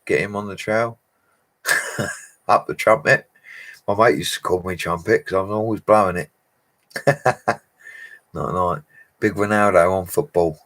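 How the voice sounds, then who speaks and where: A man's voice: low voice, a bit bright. A man, a bricklayer casually answering live chat questions in a matey, chatty way and laughing often. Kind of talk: casual livestream Q&A.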